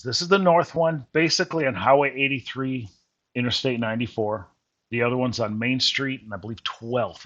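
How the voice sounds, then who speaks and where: A man's voice: mid-range voice, pushed and bright. Folksy man, lo-fi. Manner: rambling, folksy, self-correcting. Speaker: vlogger. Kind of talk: casual voice-over narration. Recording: dull lo-fi recording.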